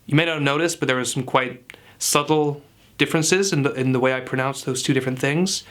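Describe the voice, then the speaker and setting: Man as a smug male dialect coach in a comedy sketch: bright, forceful tone and earnest lecturing. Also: medium pitch, a little fast, lightly acted. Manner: earnest, confident pseudo-expert lecturing. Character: self-assured clueless male dialect coach. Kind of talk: parody tutorial sketch.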